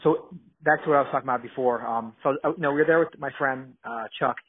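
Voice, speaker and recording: A man's voice: medium pitch, quick pace, slight background noise. A man from New Jersey, a guest in casual podcast chat, rambling with lots of fillers and restarts. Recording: narrow phone-like sound.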